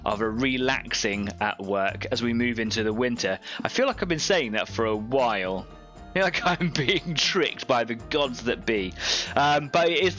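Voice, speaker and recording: A man's voice: mid-range voice, pushed and bright. A man in his thirties hosting a live painting stream at his home hobby workbench, chatting in a rambling, friendly way with lots of asides. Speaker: host of a live painting show. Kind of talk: casual live-stream chat.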